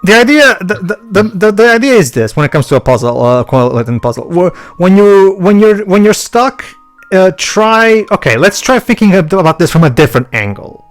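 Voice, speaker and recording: Halting man hosting a game let's play. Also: high-pitched, big pitch swings, no room sound, soft background music. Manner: halting, lots of restarts and stammers. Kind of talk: game commentary.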